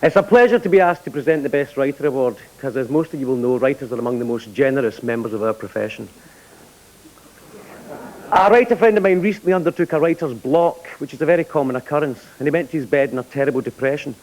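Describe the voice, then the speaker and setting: A man's voice: medium pitch, lively intonation, fast, darkish tone, low-quality recording. A man presenting an award, telling a joke in a dry storytelling way. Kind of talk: comic anecdote at an awards ceremony.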